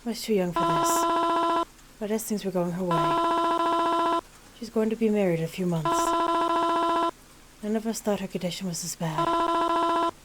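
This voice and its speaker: A woman voicing a grieving middle-aged mother at her daughter's funeral, speaking in a soft, drawn-out, tremulous way. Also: extremely high pitch, sing-song, heavy background noise, pitched above the performer's own voice, exaggerated voice.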